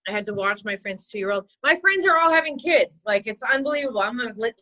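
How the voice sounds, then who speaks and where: A woman in her forties, a comedian rambling through self-mocking stand-up bits with a deadpan delivery. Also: fairly high pitch, a little fast, no room sound, muffled recording. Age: 40s.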